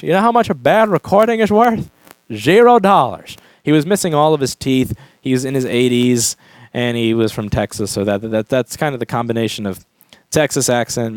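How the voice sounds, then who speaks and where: Ranting repair-shop YouTuber, male, swears a lot, pitch jumps around, dry sound. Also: darkish tone, no echo. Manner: emphatic, profane, repetitive. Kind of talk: ranting vlog monologue.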